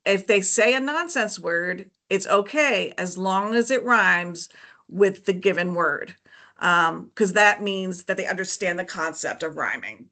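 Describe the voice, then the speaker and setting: Woman, presenter, bright voice, friendly teacherly explaining, fillers like um and okay. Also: mid-range voice. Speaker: educator presenting a parent workshop. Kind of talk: informative presentation.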